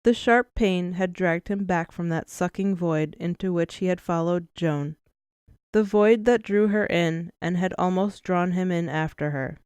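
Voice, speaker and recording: A woman narrating an audiobook in a measured, expressive storytelling manner, close to the mic. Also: lowish voice, clean tone, no room sound. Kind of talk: scripted narration.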